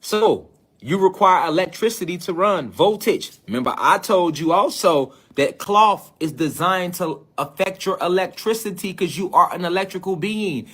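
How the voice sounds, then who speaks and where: A man's voice: sits high, a bit bright. A man lecturing on a livestream, firing rhetorical questions and driving his points home.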